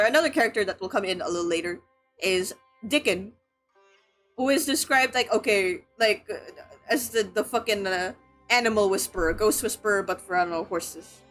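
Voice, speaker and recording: A woman's voice: mid-range voice, normal speed, fairly bright tone, faint music behind. A young woman from the Philippines chatting casually about a book, rambling with lots of fillers and laughter. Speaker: streamer.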